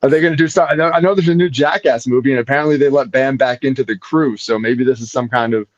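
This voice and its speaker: A man's voice: mid-range voice, fast talker, no echo, lo-fi sound. Laid-back man saying bro and dude. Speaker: guest. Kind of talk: casual live show chat.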